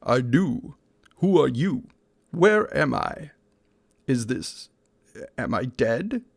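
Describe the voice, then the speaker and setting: A man voicing a confused elf warrior who has just woken, in a lowered, bewildered voice. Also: very animated, takes it slowly, gravelly, husky, no room sound, clean studio sound, exaggerated voice. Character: dazed, confused young male elf warrior. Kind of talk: game story read-aloud.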